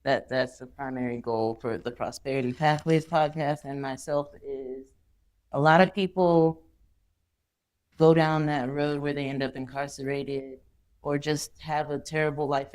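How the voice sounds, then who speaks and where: A woman hosts a podcast in a relaxed, conversational way. She asks her guest questions and is self-deprecating about her own slips. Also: low-pitched, normal speed. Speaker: podcast host. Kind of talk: casual interview chat.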